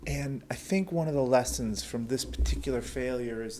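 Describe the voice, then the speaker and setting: A man's voice: medium pitch, normal speed, hardly any pauses, noisy background. A man teaching a bible school class in a conversational way, often repeating words as he starts a thought.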